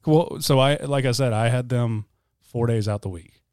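A man's voice: medium pitch, moderate pace, a little mellow, dry recording, clean studio sound. A man in his thirties, co-hosting a podcast and telling candid, self-mocking stories about his life in casual chat. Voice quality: voice turns gravelly when whispering. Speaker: podcast co-host and guest.

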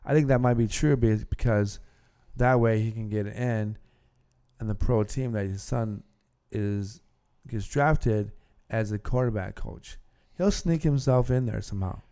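A man's voice: lowish voice, unhurried, mellow, clear, resonant tone. A man hosting a casual sports podcast, explaining football plays at length. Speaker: podcast host.

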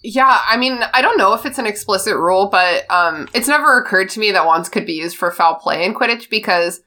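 A young adult woman co-hosting a podcast, chatting casually, laughing often and breaking into quick animated retellings. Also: medium pitch. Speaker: podcast co-host. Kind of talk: casual chat.

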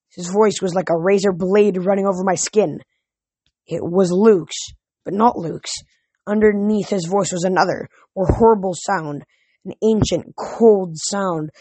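Woman, husky voice, reading a novel aloud, steady and measured, dry close sound. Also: mid-range voice, no room sound. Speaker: reader.

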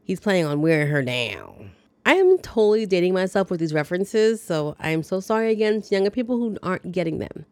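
A woman's voice: on the low side, sing-song, a little fast, dry recording. A woman podcast host giving a chatty, wry, dryly joking casual recap of a movie. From lives in the American South.

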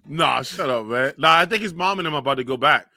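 Bright-voiced man in profane banter. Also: on the high side, animated, moderate pace, no echo, clean studio sound. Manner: profane, laughing, playful trash talk. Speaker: podcast co-host. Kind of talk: casual chat.

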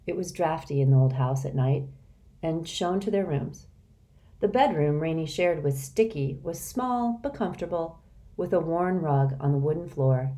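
A woman narrating a children's novel in a steady, expressive reading. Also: low voice. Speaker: audiobook narrator. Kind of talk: storybook narration.

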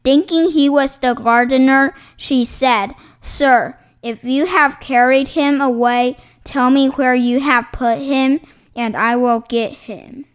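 A woman reading Bible passages aloud in a slow, formal, measured way, setting each phrase apart. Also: high-pitched, steady tone, smooth. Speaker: scripture reader.

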